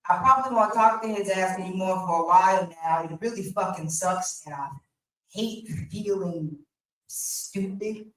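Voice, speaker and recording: A woman performing a raw, profane, confessional spoken-word poem live at a slam, swinging between hushed and loud lines. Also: medium pitch, normal speed. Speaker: slam poet. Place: indoor theater venue. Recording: echoey venue, voice from a distance.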